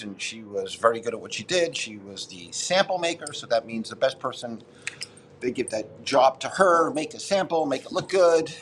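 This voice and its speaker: A man's voice: mid-range voice, a bit bright, a little hiss or hum. Profane older man telling a story. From Boston, United States. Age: 60s. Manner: rambling, profane, self-interrupting. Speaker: podcast guest. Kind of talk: casual storytelling interview.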